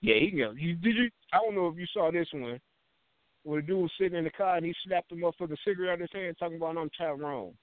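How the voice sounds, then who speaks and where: On a radio talk show, a male co-host with a high-pitched voice spins stories very fast, animated and swearing plenty in casual chat. There's no echo, and the sound is narrow like a phone line.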